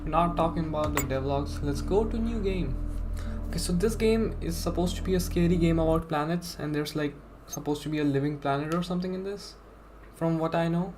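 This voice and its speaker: A man's voice: fairly high pitch, fairly quick, a little mellow, soft background music. A young man live-streaming a game from his home setup, chatting casually and rambling to his viewers with lots of "bro" and "like". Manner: chatty, rambling, self-deprecating, says "bro" and "like".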